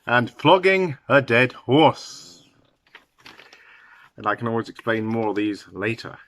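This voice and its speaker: A man teaching English idioms to learners, talking slowly and halting now and then with fillers and restarts. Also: medium pitch, lively intonation, fairly bright tone.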